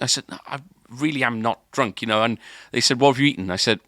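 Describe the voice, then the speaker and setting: A man's voice: medium pitch, fairly quick, few pauses, sharp tone, no echo, studio quality. A man, a podcast co-host, telling a long story in casual chat, rambling with restarts and filler words.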